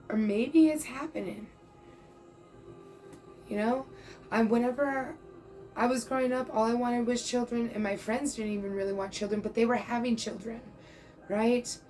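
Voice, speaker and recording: A woman's voice: a little high, darkish tone, low-quality recording. A woman in her thirties giving a casual tarot reading, chatty and reassuring, checking in often and now and then calling the listener "bro". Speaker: tarot reader.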